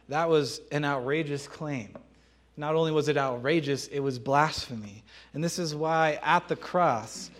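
A man preaching a sermon, emphatic and conversational, often asking rhetorical questions and laughing between points. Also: on the high side.

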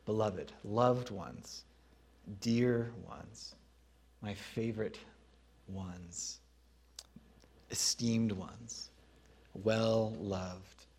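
A man preaching a sermon as pastor, teaching in a conversational way with pauses. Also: fairly low pitch, darkish tone, slightly rough.

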